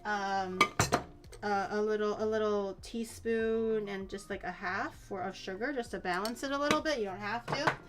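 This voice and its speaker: A woman's voice: medium pitch, moderate pace, very noisy. A woman streaming herself cooking in a home kitchen, chatting casually, rambling through explanations and swearing now and then.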